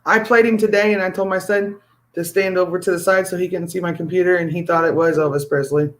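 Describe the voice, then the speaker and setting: A high-pitched man chatting casually as host of a live stream. He talks in an excitable, rambling way, tripping over his words and restarting his sentences. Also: quick pace. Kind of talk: casual chat.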